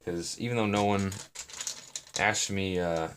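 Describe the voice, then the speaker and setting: A man's voice: sits low, steady tone, measured pace, fairly bright tone. A young man chatting in a meandering, self-deprecating way on a live stream while he builds. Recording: noisy, with keyboard and brick clicks.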